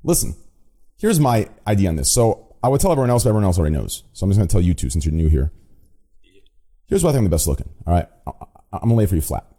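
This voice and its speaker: Young man, streamer, mellow voice, lively pitch, rambling, swearing. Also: racing. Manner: rambling, swearing, repeats "hear me out". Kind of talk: casual group chat on a call.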